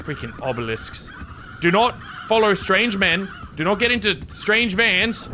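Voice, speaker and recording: A man's voice: high-pitched, sing-song, a little slow, noisy background. A man commenting on his gameplay in a jokey, rambling way, easily startled and prone to yelps. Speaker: gaming video creator.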